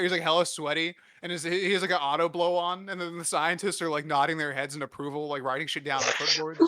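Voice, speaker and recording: A man's voice: fairly high pitch, steady tone, quick pace, few pauses, sharp tone, no room sound, studio quality. A young man hosting a podcast, riffing crude comedy in a rambling, filler-heavy way. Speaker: podcast host.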